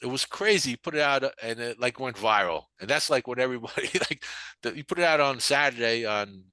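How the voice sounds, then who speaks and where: Older new guy rambling through his story, bright forceful voice, dry close sound, does little voices for people he quotes. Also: medium pitch, animated, fast, no room sound. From New York. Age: 60s. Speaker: painter and barbershop manager. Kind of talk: casual storytelling interview.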